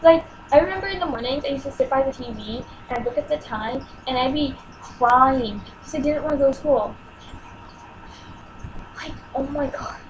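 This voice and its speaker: A high-pitched teenage girl talks briskly with few pauses as she tells a personal story in her home vlog, against a noisy background. She's emotional and exasperated, voicing what people said to her.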